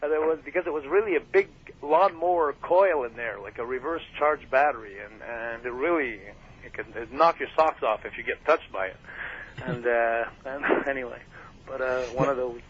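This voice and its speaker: A man's voice: medium pitch, normal speed. A man guest telling wrestling stories in a loose, rambling way, full of fillers and laughter. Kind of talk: casual storytelling interview. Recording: muffled radio broadcast with faint hiss.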